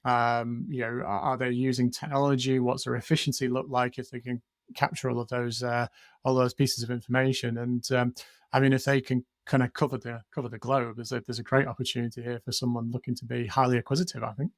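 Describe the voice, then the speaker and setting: A man's voice: medium pitch, level tone, fairly quick, no echo, studio quality. A man co-hosting a podcast in casual chat, hesitant, with many ums and restarts. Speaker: podcast co-host.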